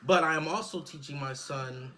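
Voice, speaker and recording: Bright-voiced man talking earnestly about fatherhood. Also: a little high, moderate pace. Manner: earnest, reflective, often adds "right?". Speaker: podcast co-host. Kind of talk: casual podcast discussion.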